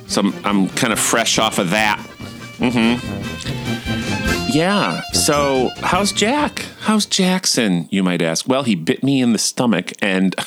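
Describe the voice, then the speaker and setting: Chatty, self-mocking man with a low voice. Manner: chatty, self-deprecating, laughs often. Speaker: vlogger and father. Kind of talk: casual personal vlog.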